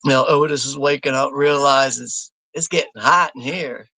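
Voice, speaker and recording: A man's voice: medium pitch, unhurried, vocal fry, pushed and bright, no echo. An American man hosting a live movie watch party, rambling, swearing a lot and laughing as he reads out chat comments. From United States.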